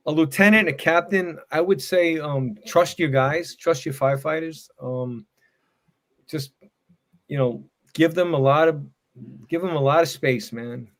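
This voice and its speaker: A retired fire battalion chief in his sixties shares tips and stories in a relaxed podcast interview. He rambles easily, leans on "you know" and "man," and his voice sits a little high.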